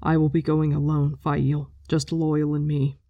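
A reader voicing a stubborn, earnest young man who speaks slowly and patiently. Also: medium pitch, dry recording, highs cut off, lightly acted. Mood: firm. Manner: slow, steady and patient.

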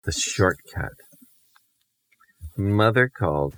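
Low-voiced dad type, playful deadpan storyteller, good for improvised bedtime tales. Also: male voice, normal speed, poor audio.

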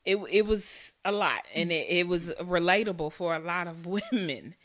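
A young woman co-hosting a podcast in casual chat, playful and teasing with quick comebacks. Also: fairly low pitch, a bit bright. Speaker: podcast co-host.

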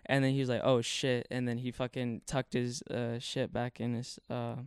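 Smooth-voiced young man telling a story. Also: medium pitch, flat delivery, normal speed, no room sound, clean studio sound. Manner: rambling slangy storytelling, heavy fillers. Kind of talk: casual chat.

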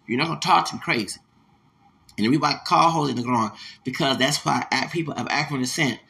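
A man's voice: medium pitch, gravelly, bright, forceful tone. A man hosting a podcast, delivering an angry, profane, confrontational rant that circles back on itself. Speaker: podcast host. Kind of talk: angry ranting monologue.

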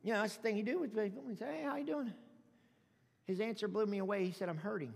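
A man preaching a sermon to a congregation, calling out for amens and exclaiming loudly between points. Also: high voice, quick pace, vocal fry. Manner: preaching with loud exclamations and call-outs. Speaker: pastor. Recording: music under reverberant hall.

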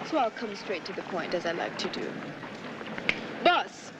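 An actress playing a woman undercover in a 1970s film, putting on a Jamaican accent in a smooth, businesslike way. This is dialogue from the film. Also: medium pitch, very animated, normal speed, heavy background noise. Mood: coolly flirtatious. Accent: put-on Jamaican. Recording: film clip with loud outdoor ambience.

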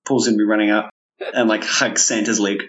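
A man playing a tabletop game, excitable and jokey, at times putting on a kid's voice. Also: a little fast, muffled recording. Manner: excitable, breaks into a squeaky kid voice. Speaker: player.

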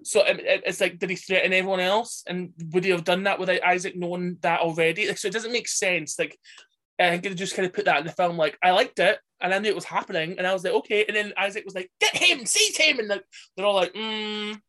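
A man's voice: high-pitched, little pitch movement, quick pace, bright, forceful tone. A man who is a podcast guest, chatting casually and animatedly about a film, laughing often and acting out quotes. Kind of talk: casual chat.

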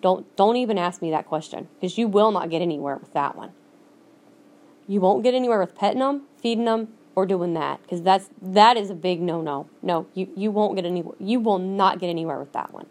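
A woman's voice: fairly low pitch, a little fast, a little mellow. Blunt, emphatic woman podcast host. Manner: blunt, emphatic, repeats herself. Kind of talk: solo podcast rant. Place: lives in Minnesota.

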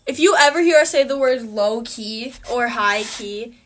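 A young woman from Wisconsin co-hosting a podcast, chatting casually with jokey quick comebacks and bursts of loud laughter. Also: a little high. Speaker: podcast co-host.

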